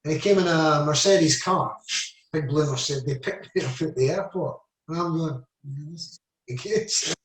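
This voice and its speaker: A former footballer from Scotland, now in his seventies, is interviewed and rambles casually through anecdotes, repeating "I said" and "you know". His voice sits on the high side at normal speed. The recording sounds roomy and far away, captured in an echoey room by a distant mic.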